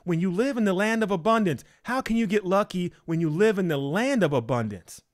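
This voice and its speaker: A man's voice: sits high, lively intonation, a little fast. A man preaching emphatically, repeating his points, asking rhetorical questions and often checking in with "okay?".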